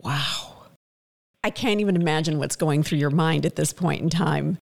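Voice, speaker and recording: A woman interviewer asking gentle, sympathetic questions. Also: low-pitched, moderate pace, creaky.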